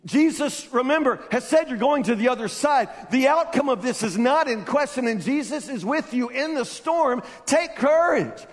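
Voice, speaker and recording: A man's voice: extremely high pitch, animated, normal speed, few pauses. A man preaching a sermon with emphatic delivery, often restarting and repeating words. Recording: long reverb of a large hall.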